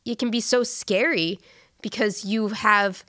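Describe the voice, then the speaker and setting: Woman, casual chat, halting, lots of fillers, mid pitch, dry close sound. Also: steady tone, a bit bright, dry recording. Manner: halting, many fillers and restarts.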